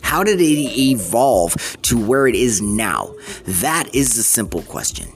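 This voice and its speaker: Ranting vlog monologue, exasperated, rambling restarts, mid-pitched voice, faint music underneath. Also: sing-song, takes it slowly. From United States. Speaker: vlogger.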